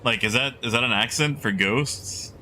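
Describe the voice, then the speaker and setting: A man's voice: medium pitch, normal speed, sharp tone, slight background noise. A man streaming a game live, chatting casually and rambling as he muses aloud to his chat.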